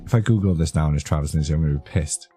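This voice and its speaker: A young man with a low, dark voice chats loosely with his stream viewers, wandering from one topic to the next and laughing at his own jokes. He talks from a home streaming setup, with soft music playing underneath. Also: rapid-fire. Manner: rambling, joking, easily amused. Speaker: streamer chatting with live chat. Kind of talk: casual live-stream chat. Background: faint background music.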